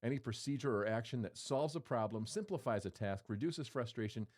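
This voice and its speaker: A man's voice: mid-range voice, animated, fairly quick, darkish tone. A man preaching a sermon in a conversational, playful way, acting out quotes as he goes. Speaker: pastor.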